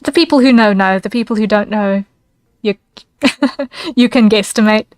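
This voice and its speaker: A woman's voice: medium pitch, normal speed, no echo. A woman streaming as a VTuber, chatting casually with her viewers, giggling and thanking them by name.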